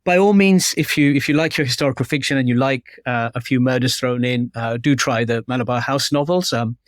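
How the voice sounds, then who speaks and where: A man's voice: medium pitch, fairly quick, no room sound, studio quality. A man guest author chatting in an interview, telling anecdotes in a self-deprecating way. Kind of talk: casual interview chat.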